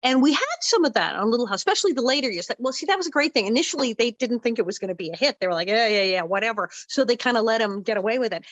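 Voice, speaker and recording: A middle-aged woman telling stories as a guest in a casual interview, animated and acting out the voices she quotes. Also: fairly high pitch, very fast, few pauses, dry recording, rough recording. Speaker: guest actress.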